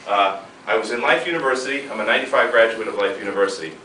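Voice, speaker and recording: Fired-up guy in his 30s giving a seminar pep talk, lowish voice, mic far off in a roomy hall. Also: very fast, pushed and bright, a little hiss or hum. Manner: fired-up, emphatic. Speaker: seminar speaker. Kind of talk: motivational talk. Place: seminar room. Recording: echoey room, mic far off.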